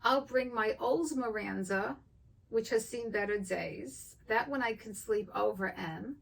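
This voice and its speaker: A woman's voice: fairly high pitch, a little slow, vocal fry, recorded from a distance, poor audio. An older woman vlogger chatting casually with her viewers and telling a story, acting out both sides of it. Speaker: wig vlogger.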